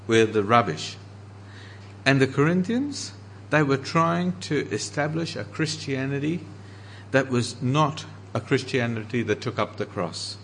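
An earnest man preaching a sermon as pastor, slowing down to stress the scripture he quotes. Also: mid-range voice, gravelly, a bit bright, slight background noise.

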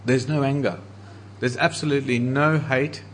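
An earnest man preaching a sermon as pastor, slowing down to stress the scripture he quotes. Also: mid-range voice, steady tone, a little hiss or hum.

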